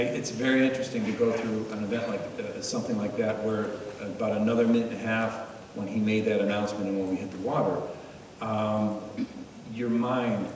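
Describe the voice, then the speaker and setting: A man's voice: lowish voice, noisy background. A middle-aged man giving a talk, telling his story earnestly with wry humor. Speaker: guest speaker. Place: meeting hall. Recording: echoey hall, mic far off.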